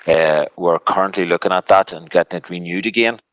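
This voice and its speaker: A man's voice: deep voice, brisk, a bit bright, low-quality recording. A man council officer answering a question, hesitant and repeating his words.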